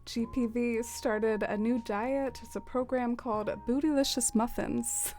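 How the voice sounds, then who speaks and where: Over faint background music, a woman plays a game and chats casually with her livestream viewers, laughing frequently and using lots of fillers. Her fairly high voice has a steady, darkish tone and a measured pace.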